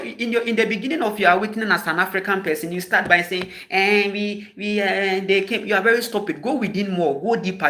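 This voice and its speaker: A man's voice: high voice, a little hiss or hum. Scolding Ghanaian man, fiery rhetorical questions. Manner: scolding, emphatic, repeats sharp rhetorical questions. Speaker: spiritual teacher. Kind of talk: impassioned spoken address.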